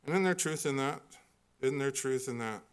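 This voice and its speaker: A man preaching a sermon with lively delivery, reading scripture and acting out the characters in it. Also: medium pitch, moderate pace, clean tone. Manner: animated preaching, acts out scripture voices. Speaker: pastor.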